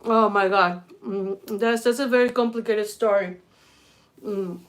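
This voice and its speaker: Her mid-range voice is steady and measured, captured in a low-quality recording. She's a cooking channel host, Portuguese by first language, chatting live from her home kitchen, laughing often and speaking directly to viewers even though she feels ill and weak.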